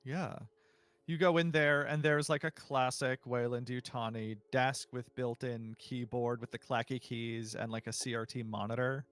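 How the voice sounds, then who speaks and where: A man's voice: mid-range voice, steady tone, normal speed, a bit bright, clean tone, dry recording. A man narrating as game master in a casual, loose way with many fillers.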